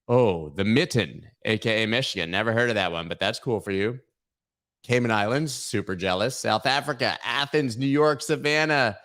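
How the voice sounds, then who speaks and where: His mid-range voice has a bit of brightness. He's hosting a live crypto news stream, sitting at the camera in webcam framing and talking to viewers in a casual, jokey style, playfully riffing on silly bits.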